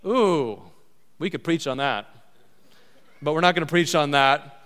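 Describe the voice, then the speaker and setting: A middle-aged man delivers a sermon with a higher-than-usual pitch. He sounds conversational and asks the listeners questions as he goes. His voice carries a long reverb, as in a large hall. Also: animated, a little slow, a bit bright. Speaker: pastor.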